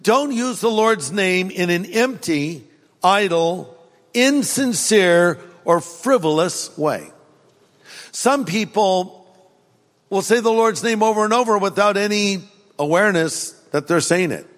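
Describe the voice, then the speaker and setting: A man preaching as a pastor, with a humorous style, acting out everyday people in quick asides. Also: high voice, animated, a bit bright, in a large hall. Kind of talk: sermon.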